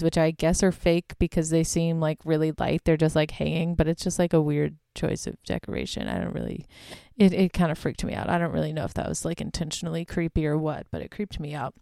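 Young woman on a podcast going over a movie plot, super chatty w lots of "like"s, kinda low smooth voice. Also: mellow, no echo, clean studio sound. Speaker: podcast host. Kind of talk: casual movie recap.

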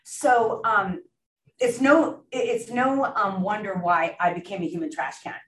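A woman's voice: mid-range voice, a little slow, a little hiss or hum. Brief: middle-aged woman, earnest and emotional testimony, far off in a roomy space. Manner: earnest, emotional, laughs often. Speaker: recovery meeting speaker. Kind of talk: personal testimony at a support meeting. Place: meeting room. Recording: echoey room, recorded from far off.

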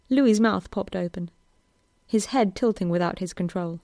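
A woman reading a romance story aloud in a slow, even narration. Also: lowish voice, no echo, studio quality. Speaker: reader. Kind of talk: reading fan fiction aloud.

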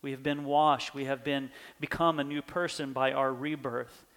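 A man's voice: medium pitch, little pitch movement, moderate pace, a bit bright. A pastor preaching a sermon in an earnest manner, his voice swelling with emphasis.

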